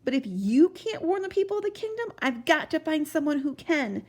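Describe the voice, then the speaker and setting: A woman's voice: high voice, very animated, normal speed, darkish tone, voice pushed up. A woman voicing a brave young boy who urgently pleads and warns others in a storybook reading. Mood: pleading.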